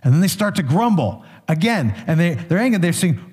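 A man's voice: a little high, very animated, brisk, darkish tone. A male pastor giving a sermon, retelling scripture in an easygoing, conversational way with small restarts. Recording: long hall reverb.

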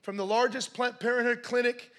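High-voiced man preaching with rising passion. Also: level tone, a little fast, clean tone. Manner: passionate, builds to shouting. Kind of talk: sermon storytelling.

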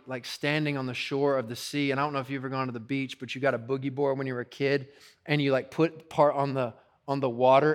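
A male preacher delivers his sermon with an easygoing, conversational urgency, often dropping in "like" and "you know". His voice sits fairly high for a man. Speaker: pastor.

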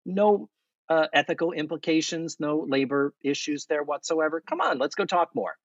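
A man's voice: on the high side, normal speed, dry recording, dull audio, voice pushed up, natural voice. A man putting on a sarcastic teenage girl, mock-sweet. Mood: mock-cheerful.

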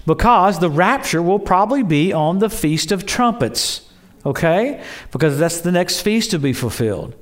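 A man preaching a sermon in an excitable storytelling way, acting out quoted voices and exclaiming. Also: high-pitched, moderate pace.

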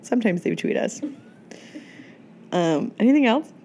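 A woman's voice: on the high side, animated, a little slow, darkish tone, slight background noise. A woman co-hosting a podcast in casual chat, joking and giggling, recorded on a close mic. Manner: jokey, giggly, mock-seductive sign-off. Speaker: podcast co-host.

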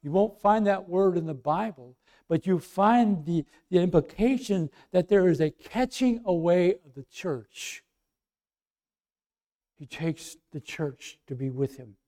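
A male pastor preaching a sermon, swinging from loud emphatic lines to soft quiet asides. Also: high-pitched, expressive, measured pace.

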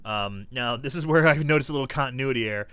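Bright-voiced man recapping a movie. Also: medium pitch, fast talker, clean tone, no echo. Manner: animated storytelling with mocking voices for characters; swears freely. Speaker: podcast co-host recapping a film. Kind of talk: casual movie recap chat.

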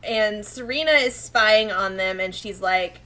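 A woman's voice: mid-range voice, measured pace, bright, forceful tone. A woman chatting casually about an anime episode, animatedly retelling scenes and acting out the characters' lines.

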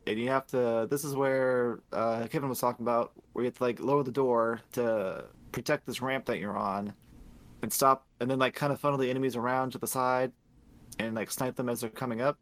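A man's voice: medium pitch, steady tone, dry recording. Rambling, profane man recapping a game. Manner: rambling, profane, laughing, acts out characters in quick paraphrase. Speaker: podcast host. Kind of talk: casual recap of a video game plot.

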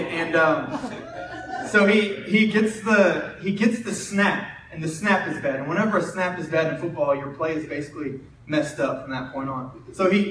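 A man's voice: on the high side, slight background noise. A young man preaching a casual sermon. He tells a coaching story in a chatty way, often restarting his words. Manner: conversational, self-interrupting, animated storyteller. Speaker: preacher and high school football coach. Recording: roomy distant mic in a hall.

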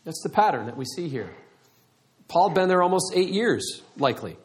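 Middle-aged male pastor, animated storyteller, somewhat high voice. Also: normal speed. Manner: animated storytelling with acted-out quotes. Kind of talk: sermon.

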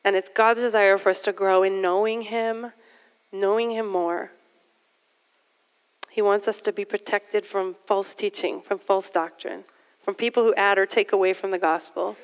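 Middle-aged woman preacher, smooth resonant voice, chatty sermon delivery, long hall reverb. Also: mid-range voice, steady tone, moderate pace. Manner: conversational, self-deprecating asides.

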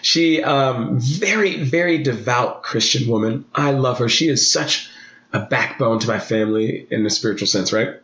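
A man in his thirties talking candidly as a podcast guest, earnest and animated, his voice jumping high for emphasis. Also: moderate pace, roomy sound, muffled recording.

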